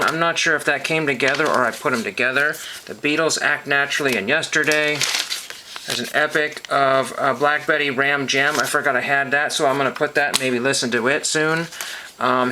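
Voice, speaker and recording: A man's voice: mid-range voice, background noise. A man casually showing his box of records, rambling and hesitant with many ums and self-corrections. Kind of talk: casual show-and-tell monologue.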